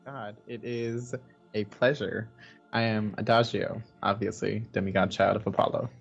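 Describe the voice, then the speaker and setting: A man's voice: lowish voice, flat delivery, moderate pace, vocal fry, husky, highs cut off, faint music behind. A man playing a theatrical, gushing male demigod hero.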